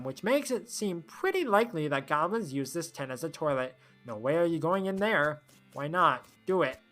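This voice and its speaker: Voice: medium pitch, fairly bright tone. Rambling streamer reading game text aloud. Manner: rambling, thinks aloud, trails off.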